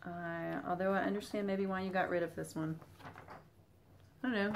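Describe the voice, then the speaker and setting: Addressing viewers directly, a young woman with a Southern US accent chats as she unboxes old craft patterns for her Flosstube channel. Her mid-range voice has fairly even intonation at normal speed with long pauses, and there's a little hiss or hum.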